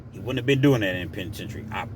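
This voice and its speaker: A man's voice: fairly low pitch, animated, rapid-fire, slight background noise. A man casually telling a story from his prison days in a conversational, digressive way.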